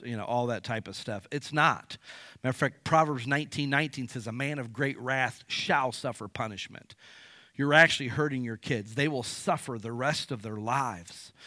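A middle-aged male pastor preaching a sermon in an animated way, with rhetorical questions and acted-out asides. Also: medium pitch, no echo.

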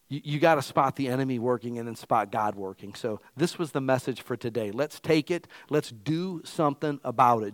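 Man, pastor, emphatic conversational sermon, mid-pitched voice, dry close sound. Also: brisk, few pauses, no echo.

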